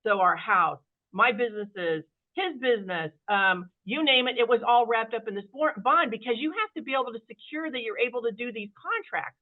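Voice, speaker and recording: A woman company CEO telling her story as a guest in an interview, chatty and animated, acting out the voices of people she quotes. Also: on the high side, fairly quick, few pauses. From Kansas City area, USA. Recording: phone-like narrow-band sound.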